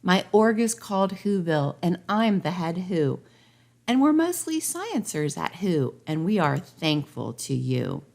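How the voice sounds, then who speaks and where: A woman's voice: fairly low pitch, very animated, unhurried, creaky, darkish tone, exaggerated voice. A woman voicing a tiny, polite director speaking from inside a red sphere in a rhyming storybook parody.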